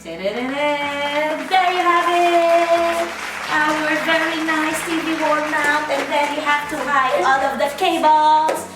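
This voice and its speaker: A woman's voice: high voice, little pitch movement, takes it slowly. A woman giving a playful, giggly home tour, switching between English and Tagalog. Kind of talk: casual chat mixing English and Tagalog. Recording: echoey room, mic far off, loud music.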